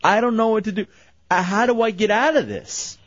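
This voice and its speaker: A man hosting a call-in radio show, telling stories in an animated way. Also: sits high, fairly quick, no echo. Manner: animated, storytelling. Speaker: radio host. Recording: dull lo-fi radio broadcast.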